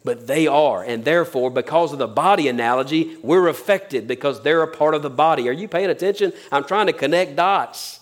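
A man with a fairly high voice preaches a sermon in a loose, conversational way. He speaks plainly and suddenly drops his voice almost to a whisper to land a point. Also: a little fast, few pauses. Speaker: pastor.

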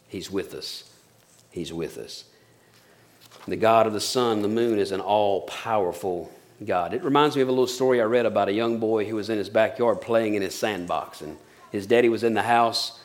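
A middle-aged man preaching a sermon, with emphatic, repetitive phrasing that drops to soft, intimate tones. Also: mid-range voice. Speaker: pastor.

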